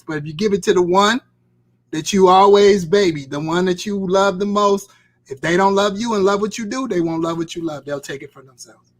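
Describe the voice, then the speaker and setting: A man's voice: sits high, fairly quick. Fervent preacher man urging his audience. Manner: fervent, urging, repetitive exhortation. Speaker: host and pastor. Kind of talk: live-stream sermon talk.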